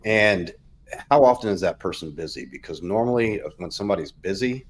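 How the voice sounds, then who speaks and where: A man with a very low voice and a husky, breathy tone, calmly making his point on a live panel. He speaks with polite restraint. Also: brisk. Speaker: panel guest. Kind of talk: casual panel chat.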